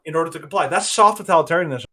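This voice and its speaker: A male podcast co-host gives casual, opinionated commentary in a rather high voice. He talks emphatically, starting over and rephrasing often as he works through his point. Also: racing, sharp tone. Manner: opinionated and emphatic, rambling with many restarts.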